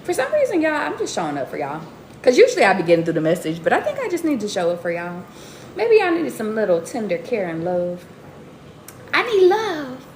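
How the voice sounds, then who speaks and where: A woman giving a casual live tarot reading to her viewers, slangy and animated, often jumping into high excited exclamations. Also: fairly quick. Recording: roomy echo with faint background noise.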